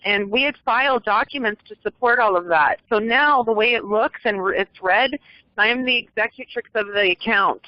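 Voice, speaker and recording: A woman's voice: on the high side, normal speed, no echo. A woman calling in as a guest, telling her story in a rambling way with many restarts and frequent checks that she is understood. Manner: rambling, restarts sentences, seeks reassurance. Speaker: guest caller. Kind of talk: casual call-in interview. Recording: muffled lo-fi call audio.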